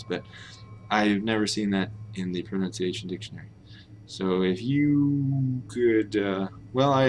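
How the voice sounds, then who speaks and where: A man's voice: lowish voice, slight background noise. A man streaming a game, thinking aloud and muttering as he puzzles over how to pronounce Japanese words. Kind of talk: casual think-aloud while reading game text.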